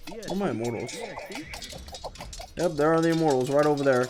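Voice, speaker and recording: A man's voice: a little high, brisk. Laid-back male gameplay commentator. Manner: rambling, laid-back, swears casually. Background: game music.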